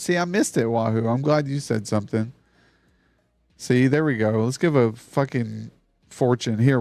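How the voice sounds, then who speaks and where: A man's voice: medium pitch, darkish tone, no echo. A man hosting a live stream, chatting casually and loosely with a guest and his chat and swearing freely. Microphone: streaming mic on a mixer.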